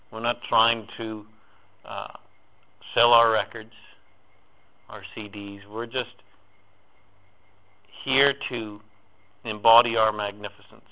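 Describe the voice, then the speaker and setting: A man guides a group through a spiritual talk, building phrase on phrase in an incantatory, repetitive rhythm that rises into emphatic swells. His voice sits at an ordinary middle pitch. The recording is thin and tinny, like a phone line. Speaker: spiritual workshop leader.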